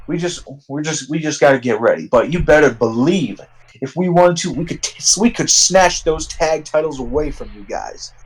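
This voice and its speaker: A man's voice: on the high side, expressive, normal speed, breathy edge. A man voicing cocky tag-team wrestlers in a game let's-play. They talk in a dismissive, boastful way.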